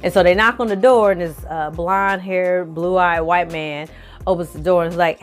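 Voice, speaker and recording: A woman recapping an episode in a casual vlog, animated and profane, acting out the characters' lines as she tells it. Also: lowish voice, normal speed, faint music behind. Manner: animated, profane storytelling with acted-out quotes. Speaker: film review vlogger.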